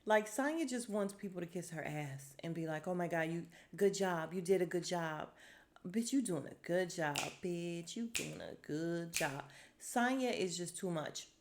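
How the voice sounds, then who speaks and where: A woman with a lowish voice talks casually into a home podcast mic. Her delivery is sassy and animated, full of quick quoted asides. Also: a little hiss or hum. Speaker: podcast host recapping a reality show. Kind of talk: casual chat.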